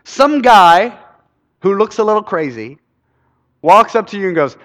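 A man preaches a sermon in a lively, animated way, constantly checking in with his listeners. His voice sits fairly high. A long hall reverb trails every phrase. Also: measured pace. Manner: animated, keeps quizzing the audience.

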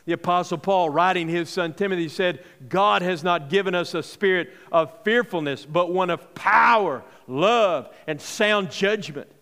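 A male pastor delivers a sermon in an easy, conversational manner and keeps checking in with his listeners through rhetorical questions. His voice sits high for a man. The sound rings with the long reverb of a large hall. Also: measured pace, hardly any pauses, bright, forceful tone.

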